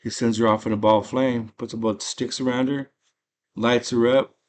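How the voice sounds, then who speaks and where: A man's voice: mid-range voice, little pitch movement, normal speed, darkish tone. A man casually recapping a movie in slangy, enthusiastic storytelling. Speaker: movie channel host.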